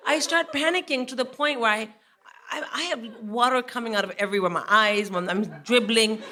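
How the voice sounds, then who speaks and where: A woman in her forties, a guest comedian on a live stage, telling an animated story and laughing as she goes. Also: a little high, fairly quick, a crowd in the background, background noise.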